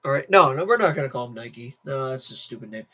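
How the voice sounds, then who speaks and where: A man's voice: medium pitch, expressive, quick pace, fairly bright tone. Tired teenage guy ranting on stream. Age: teens. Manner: restless, repeats himself, many restarts. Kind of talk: casual political rant to camera.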